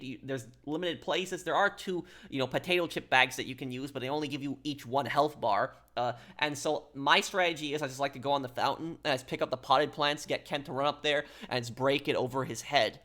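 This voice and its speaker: A man's voice: a little high, pushed and bright. A man casually explaining game scenes and strategies in walkthrough commentary. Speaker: gaming YouTuber.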